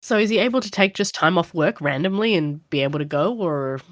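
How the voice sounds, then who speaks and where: A woman game master narrates a tabletop game in a casual, rambling manner. Her voice sits low, and the recording is dry and close with no room sound. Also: expressive, fairly quick, dry recording.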